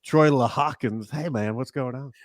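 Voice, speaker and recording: A man's voice: medium pitch, moderate pace, no room sound, clean studio sound, pitched above the performer's own voice, close to an everyday voice. A man putting on an old-time male baseball announcer with a broadcast cadence. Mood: cheerful.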